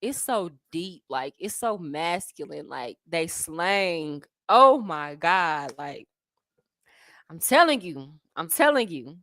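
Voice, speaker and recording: A woman's voice: lowish voice, sing-song, slow, fairly bright tone, no room sound, studio quality. A woman from the United States who hosts a casual travel livestream, chatting animatedly with viewers, laughing often and speaking in slang. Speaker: expat travel livestream host. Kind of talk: casual livestream chat, answering viewer comments. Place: Colombia, living abroad.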